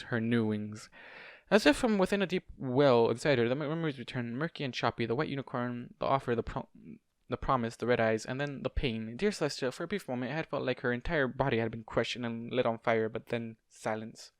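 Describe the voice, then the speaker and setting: A man's voice: medium pitch, clean tone, no echo. A man narrating fanfiction aloud in an amateur audiobook read, stumbling and correcting himself now and then and dropping casual asides. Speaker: fanfiction reader.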